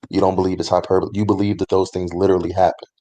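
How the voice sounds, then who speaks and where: A man with a deep, dark, flat voice calmly questioning someone in an online debate. He speaks in a measured way and restates what he hears. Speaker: debate participant.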